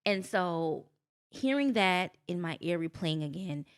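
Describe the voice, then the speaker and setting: A middle-aged woman, a podcast guest, telling personal stories in an animated, expressive way, acting out quotes and speaking with faith. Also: fairly low pitch, a little slow, clear, resonant tone. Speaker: guest, business owner.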